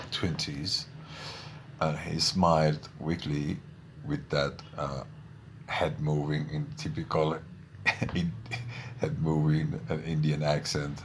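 A man casually telling a story to his viewers in a halting way, with frequent restarts. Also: very deep voice, slight background noise.

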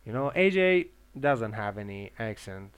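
A young man from Iran, talking casually as an English learner giving advice, with many filler pauses and restarts. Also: on the low side, sing-song, smooth. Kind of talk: casual monologue.

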